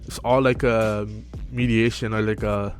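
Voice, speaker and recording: A young man giving casual self-improvement advice to camera, relaxed and full of fillers, often checking in with "right?". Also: on the low side, a little slow, faint music behind. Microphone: close mic.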